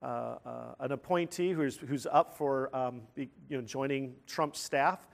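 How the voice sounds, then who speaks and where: A man preaching a sermon in an animated, emphatic way, with sudden loud outbursts and questions put to his listeners. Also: medium pitch, a little slow, vocal fry.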